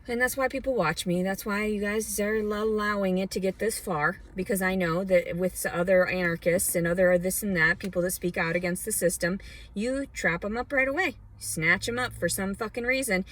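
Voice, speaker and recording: Ranting woman with a bright, sharp voice. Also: mid-range voice, moderate pace. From Arkansas, USA. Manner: heated, profane, rambling. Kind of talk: angry rant vlog. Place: outdoors outside a department store. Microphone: phone.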